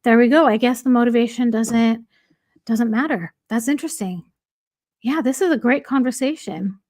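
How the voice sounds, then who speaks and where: A woman's voice: a little high, normal speed, darkish tone, dry recording, studio quality. A woman hosting a casual livestream, reading viewer comments aloud and laughing often. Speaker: livestream host.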